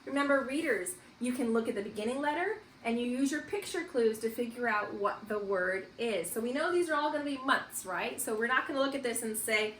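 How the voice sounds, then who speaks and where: A woman's voice: fairly high pitch, a little fast, hardly any pauses, echoey room, a little hiss or hum, rough recording. Sing-song kindergarten teacher woman. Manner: bright sing-song teacher voice, praising often. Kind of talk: kindergarten distance-learning morning meeting. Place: home.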